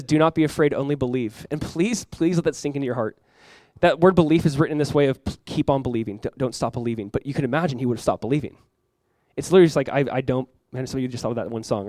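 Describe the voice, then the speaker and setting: A young man preaching a sermon as a pastor, conversational and animated, acting out quotes and laughing often. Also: fairly high pitch, no echo.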